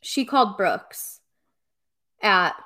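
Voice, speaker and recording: A woman's voice: mid-range voice, expressive, very slow, pushed and bright. A woman co-hosting a podcast, chatting casually and animatedly, laughing often and acting out other people's lines. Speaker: podcast co-host. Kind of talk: casual chat recapping reality TV.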